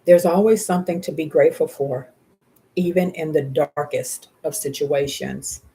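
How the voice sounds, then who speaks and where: A woman giving a live tarot reading in a casual, slangy way, speaking warmly to the viewer and to spirit guides, often breaking into laughter. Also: low voice. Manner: heartfelt, often laughing between words. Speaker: tarot reader.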